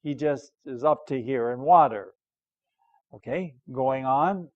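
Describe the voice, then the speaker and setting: A man's voice: mid-range voice, slow, phone-quality sound. An older American man teaching English, reading a story aloud and patiently explaining words while checking that listeners follow. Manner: patient, repeats phrases and checks understanding.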